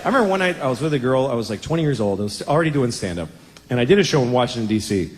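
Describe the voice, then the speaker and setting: A man's voice: mid-range voice, big pitch swings, racing, big-room sound, noisy background. A man in his forties doing a stand-up routine, crude, rambling and self-deprecating. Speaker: stand-up comedian.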